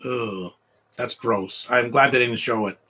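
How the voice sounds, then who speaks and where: Husky man ranting over a movie. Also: medium pitch, unhurried, pushed and bright. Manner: opinionated, rambling, defensive. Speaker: YouTube movie commentator. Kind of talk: casual live movie commentary.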